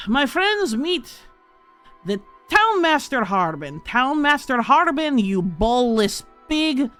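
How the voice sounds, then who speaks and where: Woman putting on a loud, brash townswoman who heaps scorn on people, her voice pitched way up and pushed, tabletop game character. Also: big pitch swings, slow, soft background music, exaggerated voice. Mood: mocking. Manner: crude, mocking, scornful. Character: brash insulting middle-aged woman townsperson.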